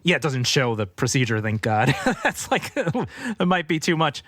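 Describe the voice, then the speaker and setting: A man's voice: a little high, very animated, measured pace, a bit bright, no room sound. A man chatting casually on a movie podcast, laughing often and restarting his sentences.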